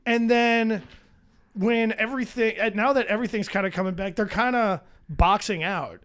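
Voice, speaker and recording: A man with a notably high speaking voice chats as a podcast guest, a stand-up comedian who rambles and swears freely. He mocks himself as he talks, with plenty of restarts. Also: moderate pace, fairly bright tone. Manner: rambling, profane, self-mocking. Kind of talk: casual chat. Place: podcast studio.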